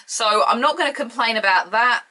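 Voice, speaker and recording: A woman's voice: a little high, moderate pace, pushed and bright, rough recording. A British woman from the UK giving a casual solo review, blunt, sarcastic and opinionated. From United Kingdom. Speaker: show reviewer.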